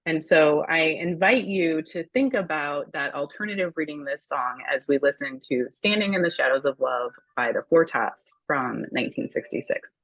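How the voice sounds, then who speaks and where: A woman's voice: sits low, dry recording, low-quality recording. A woman on a museum's staff presenting a public talk, speaking directly to the audience in a friendly, conversational way.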